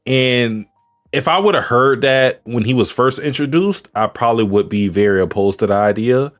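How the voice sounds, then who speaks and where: A man's voice: mid-range voice, moderate pace, faint music behind. A man co-hosting a podcast in casual chat, blunt and swearing casually. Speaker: podcast co-host.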